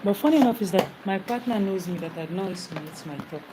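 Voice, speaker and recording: A woman's voice: mid-range voice, fast, heavy background noise. A woman chatting and teasing her family on a casual live stream, now and then singing to herself. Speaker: vlogger.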